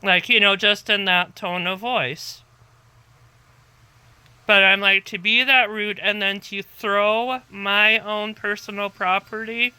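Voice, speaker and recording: A woman telling a story to the camera in a calm, rambling way that circles back and repeats itself. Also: medium pitch, slow, clean tone, no echo. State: tired, half asleep. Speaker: vlogger.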